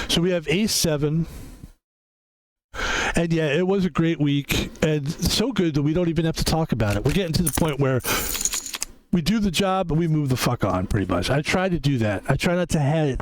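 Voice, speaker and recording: A man's voice: a little high, expressive, normal speed, a little hiss or hum. A middle-aged man streaming a poker game, chatting in a rambling, self-correcting way and swearing casually. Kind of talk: casual chat while playing poker.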